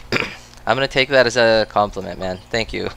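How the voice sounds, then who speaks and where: A man's voice: fairly low pitch, a little slow, creaky, pushed and bright, slight background noise. A Filipino man with an American accent, streaming gameplay and chatting with his viewers. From Philippines. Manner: chatty, reacts aloud and answers chat. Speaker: game streamer. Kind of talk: gameplay livestream commentary.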